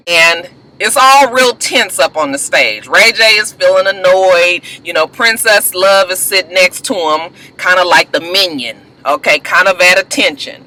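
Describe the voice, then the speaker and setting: A woman's voice: medium pitch, pushed and bright, rough recording. A woman recapping a reality TV reunion in a casual gossip vlog, blunt, profane and exasperated.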